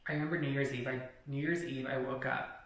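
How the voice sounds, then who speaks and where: A man's voice: medium pitch, fairly even intonation, fast talker, a bit bright. A young man telling a personal story in a vlog, blunt and candid, with plenty of profanity. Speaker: vlogger. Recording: very echoey room.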